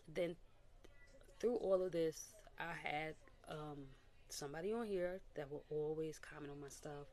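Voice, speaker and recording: A woman's voice: deep voice, moderate pace. A young adult woman sharing a candid personal testimony as a casual vlog, talking animatedly and acting out what people said. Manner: candid and animated, with quoted voices and little laughs. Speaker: vlogger.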